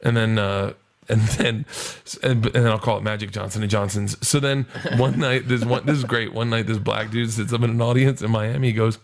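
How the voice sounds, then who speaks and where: A middle-aged man telling a comedic story in an animated, profane way, often laughing as he goes. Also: on the low side, brisk, vocal fry. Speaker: podcast guest.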